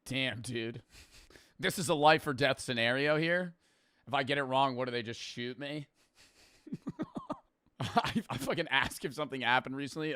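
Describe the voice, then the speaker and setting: A man streaming, reacting to a quiz video in loud, profane, joking casual commentary. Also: medium pitch, sing-song, a little slow, no echo, studio quality, soft background music.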